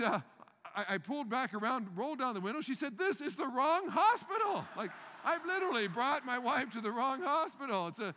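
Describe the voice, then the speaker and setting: An older man telling a funny personal story, acting out the panic in a loud voice, with frequent stammers and repeated words. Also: high-pitched, big-room sound. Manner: animated, acts out the panicked scenes loudly, stammers and repeats words. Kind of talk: humorous storytelling talk.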